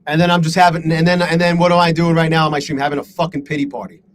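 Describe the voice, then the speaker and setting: A fairly high-voiced man streams his day trading live and talks straight to his viewers. He is frustrated and self-deprecating, swearing freely. Faint background noise runs under his voice. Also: level tone, very fast, poor audio. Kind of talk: live stream talking to chat.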